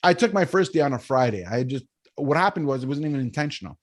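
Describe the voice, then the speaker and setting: A man, a podcast guest telling stories in a casual interview, animated, often checking in with "right?". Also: medium pitch, fast. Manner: animated storyteller, keeps asking "right?". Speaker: podcast guest, business coach.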